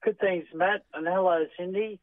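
A man calling in to a radio show, halting and searching for his words. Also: high-pitched, steady tone. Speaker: caller. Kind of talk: casual radio call-in chat. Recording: thin phone line.

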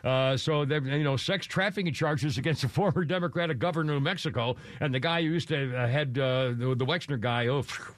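A man's voice: fairly high pitch, a little fast, few pauses, dry recording. Rambling male talk-radio host. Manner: rambling, self-deprecating, laughs often. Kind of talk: talk radio chat and commentary.

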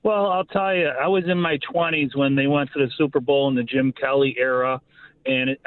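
A man in his fifties from Buffalo, calling into a radio show and talking earnestly in a rambling way, full of "you know.". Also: fairly high pitch. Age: 50s. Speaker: caller. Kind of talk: call-in radio chat. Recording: tinny phone line, dry.

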